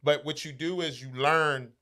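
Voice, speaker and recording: A man's voice: fairly high pitch, steady tone, normal speed, sharp tone. A man talking casually, blunt and profane, with emphatic, brash delivery. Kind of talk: casual chat.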